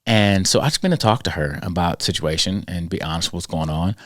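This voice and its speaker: A man hosting a podcast, telling stories about school kids in an animated, conversational way that slips into quoted voices. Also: low-pitched, quick pace, no echo, studio quality. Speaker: podcast host and school character-education speaker. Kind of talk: conversational storytelling.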